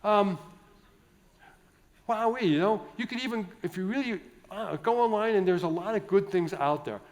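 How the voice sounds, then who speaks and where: A Catholic priest from the United States speaks in a high voice at a moderate pace, delivering a jovial, wandering keynote packed with restarts and asides. He's in a large indoor conference hall.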